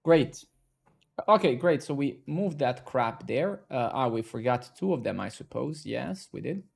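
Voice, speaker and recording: A man's voice: medium pitch, a little slow, vocal fry, husky. A man casually talking to himself and his viewers while coding live, swearing and bursting out when things work. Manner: talks to himself, swears, excitable outbursts.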